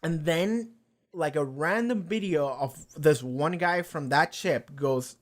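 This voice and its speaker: A man's voice: on the high side, takes it slowly. A young man hosting a casual reaction video, rambling through an episode with lots of fillers and swearing. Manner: loose and rambling, swears a lot, many fillers.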